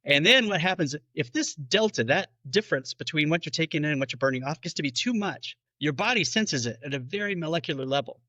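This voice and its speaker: A man's voice: a little high, lively intonation, fast talker, few pauses, bright, forceful tone, no echo, lo-fi sound. A man who is a bariatric physician, patiently explaining in a podcast interview and acting out his patients' questions.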